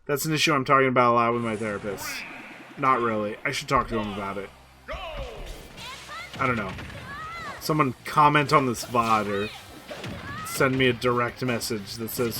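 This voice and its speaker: A man's voice: mid-range voice, normal speed, long pauses, bright, forceful tone, soft background music. A young man rambling through casual gaming stream commentary in a put-on voice, swearing freely and making fun of himself. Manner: rambling, profane, self-deprecating; playing up a put-on voice.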